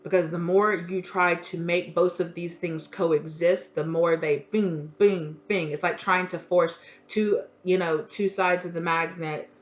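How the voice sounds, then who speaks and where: Woman, tarot reader, casual reading, blunt, curses a lot, repeats herself for emphasis, lowish voice. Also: fairly even intonation, a little slow, hardly any pauses. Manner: blunt, swears freely, emphatic repetition.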